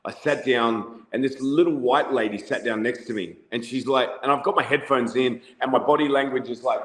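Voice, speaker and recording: A man's voice: mid-range voice, moderate pace, fairly bright tone. A man with an Australian accent, a podcast guest telling stories in a rambling, casual way full of "you know" fillers. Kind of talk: casual storytelling. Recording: echoey room with long reverb.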